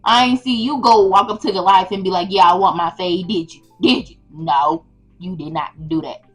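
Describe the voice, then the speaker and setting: A woman's voice: lowish voice, steady tone, moderate pace, faint music behind, rough recording. A young woman retelling a Bible story in a casual, slangy, playful way as the host of her channel.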